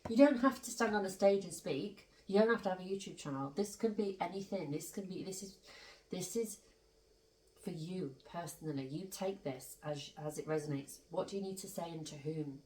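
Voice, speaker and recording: Brief: woman, tarot reader, casual and emphatic, slightly low voice, set back from the mic. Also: normal speed, a little mellow, slight background noise. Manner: chatty, emphatic, rambling with asides. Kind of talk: casual spiritual tarot reading. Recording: roomy sound, distant from the mic.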